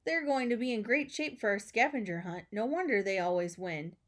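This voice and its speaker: A woman reading a storybook aloud, voicing an excitable young boy who squeals and chatters. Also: medium pitch, fairly quick, natural voice. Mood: excited. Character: excitable boy, loud and teasing.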